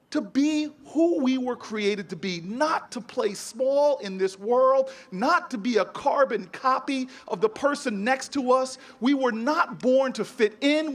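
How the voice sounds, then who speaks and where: A man's voice: extremely high pitch, fairly bright tone. A man giving a commencement speech, telling stories with emphasis and sometimes stumbling over repeated words. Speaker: commencement speaker.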